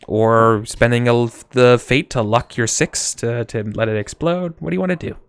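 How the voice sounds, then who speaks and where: A man's voice: mid-range voice, smooth, dry recording. A man running a tabletop game as game master, talking casually with frequent self-corrections. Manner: casual, rambling, quick apologies and self-corrections.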